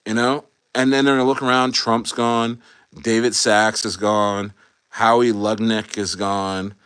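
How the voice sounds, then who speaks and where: A man's voice: fairly low pitch, level tone, measured pace, a bit bright, clean tone, no room sound, studio quality. An American man hosting a casual livestream, rambling and swearing freely, with many restarts. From United States. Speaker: livestream host.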